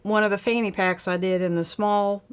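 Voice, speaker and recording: A woman's voice: mid-range voice, fairly even intonation, moderate pace, smooth. Chatty woman hosting a live stream. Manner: chatty, laughs often, reads viewer comments aloud. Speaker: livestream host reading chat. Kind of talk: casual live chat.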